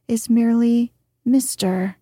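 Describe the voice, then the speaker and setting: A woman reading an old etiquette book aloud in a soft, gentle, unhurried bedtime manner. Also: a little high, fairly even intonation, dry recording, clean studio sound. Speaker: reader.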